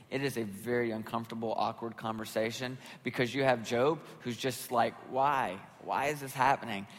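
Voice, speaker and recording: With a long hall reverb around him, a middle-aged man preaches as a pastor in a medium-pitched voice. He's animated and chatty, acting out the voices of the people he quotes.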